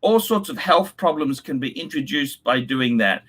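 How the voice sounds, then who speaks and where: A man's voice: medium pitch, expressive, moderate pace, few pauses, fairly bright tone. A man hosting a casual livestream, reading donations and ranting bluntly with lots of swearing. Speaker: livestream host.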